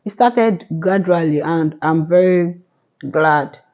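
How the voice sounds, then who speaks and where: A woman vlogger in her twenties takes it slowly as she shares heartfelt motivational advice to camera, rambling and starting over at times. Her voice is lowish, and the high frequencies are cut off.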